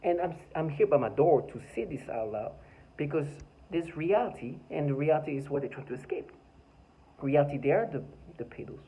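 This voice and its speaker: A man's voice: fairly high pitch, expressive, brisk, mellow, poor audio. A man talking by his front door in an agitated, rambling vlog monologue, full of stammered restarts and bitter laughs. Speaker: vlogger.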